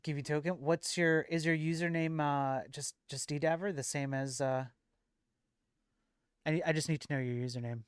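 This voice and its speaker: A man hosting a livestream and chatting to viewers in a loose, rambling way. His voice is smooth and clear, and the sound is dry and close. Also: fairly high pitch, fairly even intonation, normal speed, no room sound. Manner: rambling, full of fillers and restarts. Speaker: livestream host and moderator. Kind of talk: casual stream chat.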